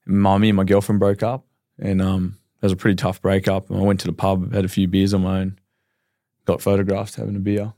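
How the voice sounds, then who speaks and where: A man's voice: deep voice, completely flat delivery, fairly quick, mellow, no echo, clean studio sound. A man in his thirties with an Australian accent, a footballer telling his story as a podcast guest in a candid, rambling way. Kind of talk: casual podcast interview.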